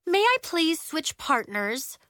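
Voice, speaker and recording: A woman's voice: high-pitched, sing-song, takes it slowly, fairly bright tone, no echo, studio quality, voice pushed up, full character voice. A woman voicing a bossy, indignant fifth-grade girl who complains insistently, read as an audiobook character. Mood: overly polite.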